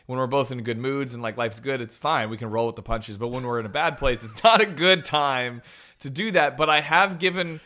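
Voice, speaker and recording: A man chatting as a podcast guest, telling a personal story in a relaxed way. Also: medium pitch, brisk. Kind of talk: casual podcast chat.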